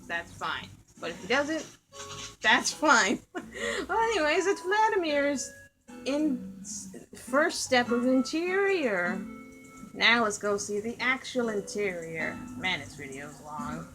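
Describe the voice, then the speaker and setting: Young woman, sarcastic game commentator, deadpan, lively pitch, slow pace. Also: poor audio. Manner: sarcastic, deadpan, laughing often. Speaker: gaming channel host. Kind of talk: casual gameplay commentary. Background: game music.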